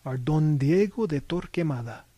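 A man voicing a weary sea captain who answers questions with calm, enigmatic replies, in an audiobook reading. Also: on the high side, moderate pace.

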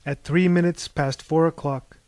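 Brief: male storyteller, fairly high voice, dry close recording. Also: fairly even intonation, a little slow, a little mellow, no echo. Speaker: narrator. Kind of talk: storytelling narration.

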